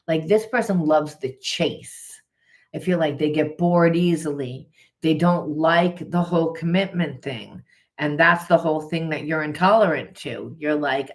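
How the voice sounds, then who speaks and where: A woman's voice: low voice, unhurried. A woman spiritual coach talking through a tarot reading in an earnest, conversational way, often repeating herself. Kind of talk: casual tarot reading monologue.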